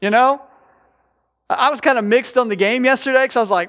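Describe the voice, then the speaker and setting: High-voiced pastor, middle-aged, chatty jokey sermon, echoing church hall. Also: male voice, fairly quick, a bit bright. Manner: conversational, joking asides to the congregation. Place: church sanctuary.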